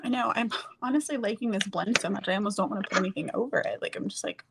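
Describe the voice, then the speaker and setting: A woman at a middle pitch talks her way through a makeup session in loose, rambling casual chat. She drops a swear word here and there. A faint hiss of noise sits under her voice. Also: racing, gravelly. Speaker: streamer doing makeup on a group call.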